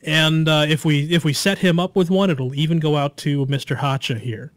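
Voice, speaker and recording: A man's voice: on the high side, fairly even intonation, normal speed, no room sound. A man hosting a casual gaming podcast, upbeat and encouraging as he talks straight to his listeners. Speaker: podcast host.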